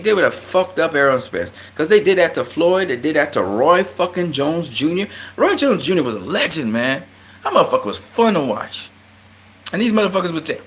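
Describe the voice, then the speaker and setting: A man giving a casual, heated, profane rant about boxing, blunt and swinging up into loud, high outbursts. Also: sing-song, a little fast. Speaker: boxing commentator. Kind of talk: casual ranting commentary.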